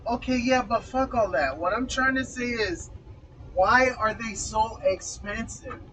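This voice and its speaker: A man with a high voice rants in exasperation, cursing freely and breaking into laughter. He sounds set back from the mic on a dull, lo-fi recording, with faint road noise behind him. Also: a little slow, pushed and bright, far from the mic. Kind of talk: casual profane rant.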